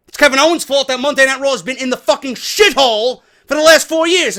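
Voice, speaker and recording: High-voiced man ranting profanely. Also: fast talker, gravelly, few pauses, pushed and bright. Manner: profane, sarcastic, heated ranting. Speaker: wrestling news commentator. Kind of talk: ranting news commentary.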